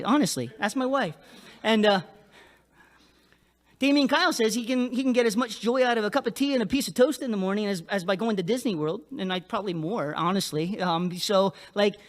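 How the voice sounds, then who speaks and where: Brief: male pastor, higher voice, lively conversational sermon delivery, keeps asking "right?". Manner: animated, conversational preaching with frequent "right?".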